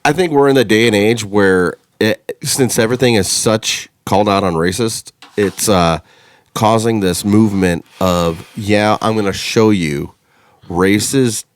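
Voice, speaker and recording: A man's voice: fairly low pitch, a little slow, no echo. A man hosting a podcast in casual chat, talking loosely and crudely with plenty of swearing. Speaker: podcast host.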